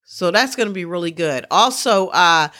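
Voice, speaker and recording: Chatty, bright-voiced woman. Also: fairly low pitch, animated, normal speed. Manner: rambling, chatty, restarts sentences. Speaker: podcast host. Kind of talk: casual sports chat.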